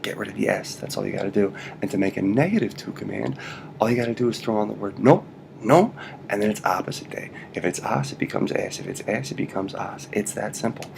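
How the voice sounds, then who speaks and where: Playful, gravelly-voiced male Spanish teacher. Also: on the low side, quick pace, a little hiss or hum. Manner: playful, repeats "right?" constantly, jokey asides. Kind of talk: casual video lesson.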